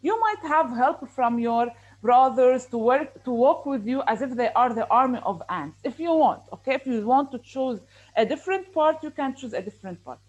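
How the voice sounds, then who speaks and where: A woman's voice: high voice, expressive, quick pace, highs cut off. A woman teacher explaining a speaking assignment to her class and checking in with them often. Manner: repetitive, checking in with "okay?". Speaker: English teacher. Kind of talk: online class instruction.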